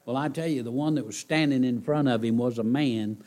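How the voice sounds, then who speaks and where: A man preaching a sermon to a congregation, repeating his key phrases and swinging between loud outbursts and hushed lines. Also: medium pitch, a little fast. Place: church service.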